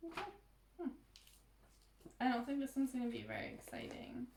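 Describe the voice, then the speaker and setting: A woman co-hosting a casual podcast, her high voice giggly as she reads old passages aloud. The room is echoey and a faint hiss sits behind her. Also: flat delivery, normal speed, darkish tone. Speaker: podcast co-host. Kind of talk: casual chat, reading old books aloud.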